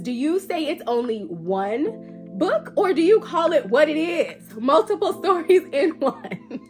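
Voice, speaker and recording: A woman with a stuffy, nasal voice from allergies, chatting casually and playfully to her viewers about her book collection, with the odd swear word. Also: sits high. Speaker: book vlogger. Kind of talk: casual chat to camera.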